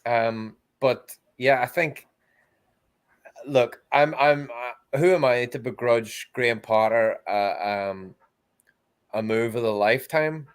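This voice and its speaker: A man co-hosting a football podcast, talking casually in a halting way with many restarts. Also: medium pitch, clear, resonant tone. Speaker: podcast co-host.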